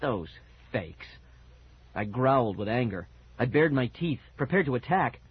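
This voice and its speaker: A man narrating a first-person children's story with lively, animated expression. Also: mid-range voice, measured pace, breathy edge, no room sound. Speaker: audiobook narrator. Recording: dull lo-fi audiobook recording.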